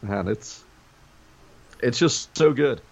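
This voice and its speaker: A man's voice: mid-range voice, animated, takes it slowly, creaky, muffled recording. A man co-hosting a sports podcast from home over a video call, talking energetically in casual chat. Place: home during a snow day.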